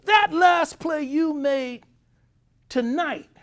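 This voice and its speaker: A man impersonating a furious, foul-mouthed older baseball manager who scolds his team in a loud, gravelly voice. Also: high-pitched, very animated, normal speed, voice pushed up. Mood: ranting. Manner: yelling, scolding.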